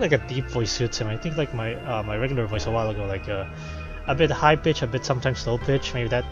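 Casual male let's player, mid-pitched, chatty reader, slightly muffled sound. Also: fast talker, over music. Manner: chatty, loose, lots of fillers. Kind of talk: casual game commentary, reading text aloud.

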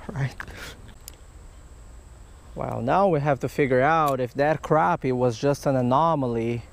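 This fishing vlogger's voice is mid-range and a little mellow. Chatting by a canal and creek in the heat, he walks viewers through the outing and keeps asking "right?" as he explains.

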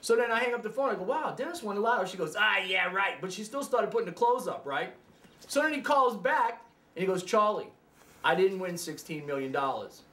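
A man, a musician, telling a story in an interview, acting out the dialogue and jumping up loudly at times. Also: sits high, brisk, roomy sound. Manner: lively, acts out dialogue, voice jumps up loudly.

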